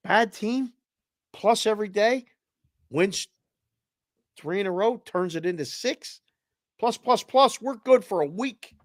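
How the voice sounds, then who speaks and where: A man's voice: high-pitched, takes it slowly, pauses often, dry recording, clean studio sound. A man co-hosting a sports betting show, teasing his partner and pushing his picks hard. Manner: teasing, emphatic about picks. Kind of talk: casual sports talk banter.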